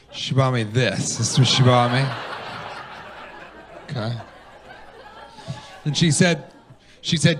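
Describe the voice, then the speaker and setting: A male stand-up comedian spins a wry airport anecdote on stage. His mid-range voice has a gravelly, fry-laced edge. He keeps the delivery animated and acts out the people he quotes. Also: mid-range voice, unhurried, pauses often.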